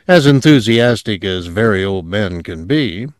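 A man's voice: on the low side, expressive, measured pace, no echo, studio quality. A man voicing an ambitious young male official who speaks breezily and agreeably. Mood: breezy. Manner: breezy, eager, smoothly agreeable.

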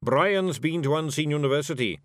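Pompous dwarf shopkeeper, read by a man: loud, lofty, indignant, higher than the narration. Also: lively intonation, measured pace, dry recording, close to an everyday voice.

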